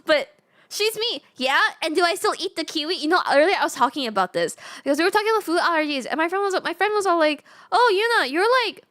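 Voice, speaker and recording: Giggly high-voiced woman streamer. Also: quick pace. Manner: giggly, animated storytelling. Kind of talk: casual gaming stream chat.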